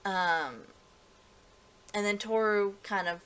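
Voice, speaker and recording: A woman's voice: medium pitch, slow pace, fairly bright tone, clear, resonant tone. A woman casually recapping an anime episode as a reviewer, rambling and restarting sentences with many fillers.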